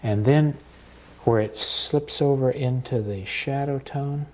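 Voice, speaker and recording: A male instructor talks through an oil painting demonstration at a slow, unhurried pace. His voice sits at an ordinary middle pitch, calm and steady. He pauses often as he works.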